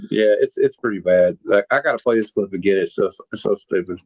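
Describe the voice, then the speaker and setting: A man's voice: lowish voice, darkish tone, slightly rough, dry recording, low-quality recording. A man hosting a casual movie-review podcast, talking in a loose, rambling way with many fillers. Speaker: podcast host.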